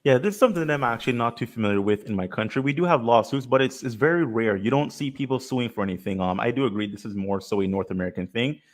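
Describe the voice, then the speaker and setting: A man's voice: medium pitch, fast, few pauses. A man moderating a live crypto panel, who talks in a conversational way and steers the discussion to new topics.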